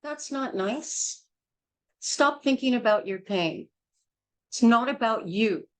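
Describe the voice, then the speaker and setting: A woman's voice: on the high side, lively intonation, takes it slowly, rough recording. A woman teaching a childbirth class in a blunt, emphatic, hard-hitting way. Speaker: childbirth educator.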